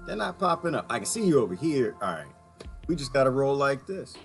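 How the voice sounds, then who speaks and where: A man's voice: medium pitch, very animated, fast talker, soft background music. A man hosting a casual livestream, rambling and laughing often as he talks straight to his viewers. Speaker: livestream host.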